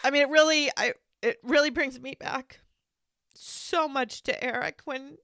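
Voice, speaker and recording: High, bright-voiced woman hosting a podcast. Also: steady tone, a little slow, no room sound, clean studio sound. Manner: gentle, supportive interjections. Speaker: podcast host. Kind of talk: podcast interview.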